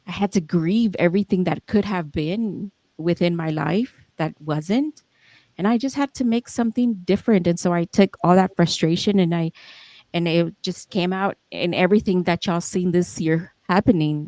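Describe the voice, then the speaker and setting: Young adult woman, low voice, podcast host, candid, emotional, rambling restarts, dry close sound. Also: a little mellow, no room sound. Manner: candid, swears freely. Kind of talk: reflective casual talk.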